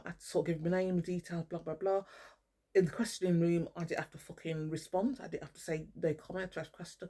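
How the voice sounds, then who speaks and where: This older woman has a lowish, creaky voice that sounds warm and slightly rough. Talking to camera as a vlogger, she rants angrily and at length, swearing heavily and speaking straight to the people she names.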